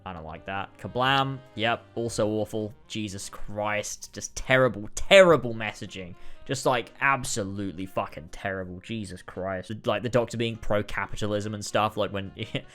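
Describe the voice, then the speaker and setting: A man's voice: on the low side, moderate pace, hardly any pauses, a bit bright, soft background music. Exasperated man ranking episodes. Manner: exasperated, frequent swearing and sighs. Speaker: video creator ranking episodes. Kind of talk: casual ranking commentary.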